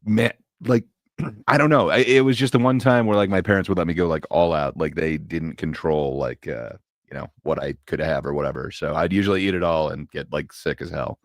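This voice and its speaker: Very deep-voiced man chatting casually. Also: a little fast, no echo, clean studio sound. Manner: relaxed, rambling, many fillers and asides. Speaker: podcast co-host. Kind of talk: casual chat.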